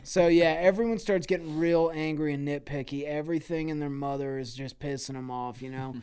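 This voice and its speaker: A man's voice: a little high, fairly even intonation, a little fast, a little mellow, clean tone. Laid-back, profane young man spinning a yarn. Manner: laid-back, profane, dude-heavy slang. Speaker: podcast co-host. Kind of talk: improvised comic storytelling.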